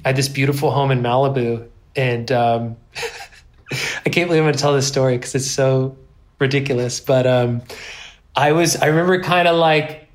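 A man in his thirties, a guest on an interview podcast, telling a personal story in a rambling, self-deprecating way with lively quoted asides. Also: mid-range voice, normal speed. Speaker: guest, pro snowboarder.

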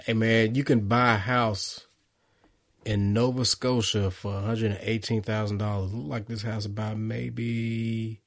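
A man's voice: on the low side, little pitch movement, unhurried. A man co-hosting a casual podcast chat, joking and laughing often as he steers the talk. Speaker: podcast co-host.

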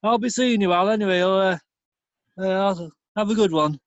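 Voicing a jovial northern English pub regular on a taped message, he rambles from one pun to the next in beery banter, lightly acted. His pitch is high and his pace normal, on a lo-fi recording with no room sound.

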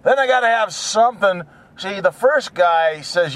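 A man's voice: sits high, animated, moderate pace, a bit bright. A man rambling and singing made-up song lines to himself while driving, in a goofy, self-mocking way. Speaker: vlogger. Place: inside a car.

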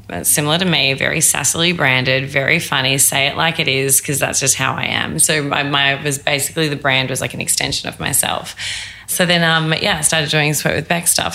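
A woman's voice: deep voice, gravelly. A woman, telling her story in a casual interview and acting out quotes. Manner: chatty, animated, acts out quotes. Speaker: guest, fitness founder.

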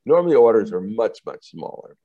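Fairly low-pitched, fairly quick and gravelly, a man who works as a TV producer recounts career stories casually in an interview. He acts out the voices of those involved and laughs often, animated throughout, while the audio lacks room sound and has its highs cut off.

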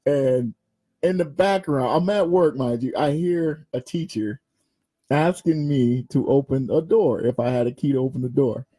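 A man co-hosting a podcast in casual chat, telling stories in an animated way and acting out other people's voices. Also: mid-range voice, moderate pace, breathy edge, poor audio. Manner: animated storyteller, acts out voices. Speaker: podcast co-host.

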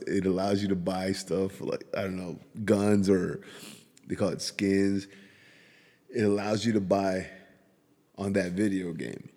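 A man's voice: on the low side, dark tone, slightly rough, in a large hall. A man hosting his own podcast, telling a family story in a rambling way and laughing often. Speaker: podcast host. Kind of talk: casual chat.

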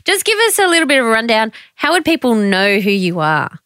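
A woman's voice: fairly high pitch, big pitch swings, fairly quick, fairly bright tone, clean tone, no room sound, clean studio sound. A woman co-hosting a podcast, chatty and playful while interviewing a guest. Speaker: podcast co-host. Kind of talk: casual podcast chat.

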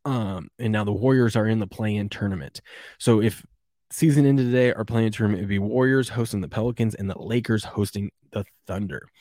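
Man, sports show host, low voice, dry sound, casual rambling chat. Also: a little fast, darkish tone, no room sound. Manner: rambling, chuckling, reads viewer comments.

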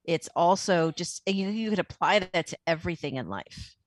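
A woman's voice: fairly low pitch, expressive, normal speed. A woman interviewing an author in a casual chat, often giving short agreeing replies.

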